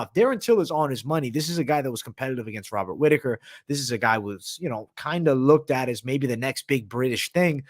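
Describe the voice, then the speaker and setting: A man hosting a live MMA stream, reading viewer comments aloud and talking loosely with slang and swearing, sometimes with his mouth full. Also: mid-range voice. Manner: talks while eating. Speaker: MMA analyst and livestream host. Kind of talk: casual livestream chat.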